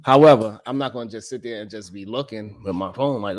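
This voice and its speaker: A man's voice: on the low side, a little fast, hardly any pauses. A man, hosting a live stream in a blunt, profane, emphatic casual monologue that keeps checking in with "you know what I'm saying". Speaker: live-stream show host.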